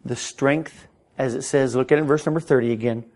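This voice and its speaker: A middle-aged man preaching a sermon in a church. His delivery is impassioned, with frequent stammered restarts, and his pitch climbs when he gets stirred up. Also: steady tone, fairly quick, darkish tone. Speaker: pastor. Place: church sanctuary.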